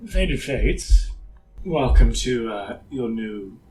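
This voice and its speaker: A man voicing an old, disheveled male dwarf advisor, speaking haltingly with fillers. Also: mid-range voice, expressive, darkish tone, faint music behind, voice pushed down, low-quality recording. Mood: wry. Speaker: game master voicing a character.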